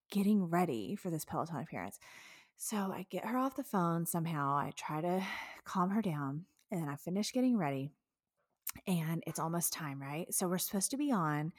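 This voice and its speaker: A woman in her thirties excitedly retelling a stressful story in a casual, animated way, with frequent laughs and the odd swear word. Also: fairly low pitch, no echo, studio quality. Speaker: social media mentor.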